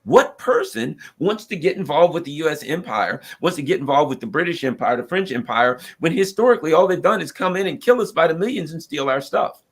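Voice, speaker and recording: A man's voice: on the high side, expressive, fairly quick, vocal fry, slightly rough. A man from the United States delivering an opinionated political commentary, arguing emphatically and acting out what nations might say. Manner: emphatic, argumentative, acts out quoted voices of nations.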